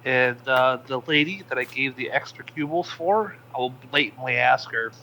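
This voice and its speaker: A man playing his character in a tabletop game, talking casually and haltingly with many restarts. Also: medium pitch, pushed and bright, poor audio. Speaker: player.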